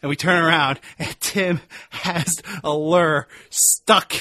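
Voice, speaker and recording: A man co-hosting a casual podcast, telling a story in a halting way with many pauses. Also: fairly high pitch, steady tone, sharp tone, dry recording. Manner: halting, full of fillers and restarts. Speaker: podcast co-host. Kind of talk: casual chat.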